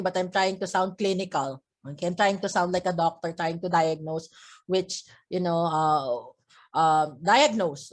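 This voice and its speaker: A female teacher with a voice on the low side explains a poem in a literature lesson. She keeps checking understanding with a frequent "okay?", and she restarts and repeats words as she goes.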